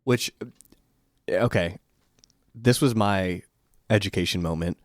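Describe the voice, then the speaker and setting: A man co-hosting a podcast, chatting casually with joking, deadpan asides. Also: deep voice, takes it slowly, dry recording, studio quality. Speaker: podcast co-host. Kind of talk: casual chat.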